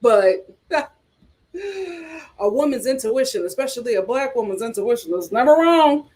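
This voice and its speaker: A woman's voice: a little high, animated, normal speed, darkish tone. A woman hosting a casual commentary show, reading articles and viewer comments aloud and reacting in an outspoken, exclaiming way. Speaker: host.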